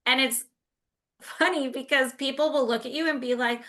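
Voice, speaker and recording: Bright, high-voiced middle-aged woman. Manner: animated and emphatic, quick bursts. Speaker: guest speaker. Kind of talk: casual interview chat.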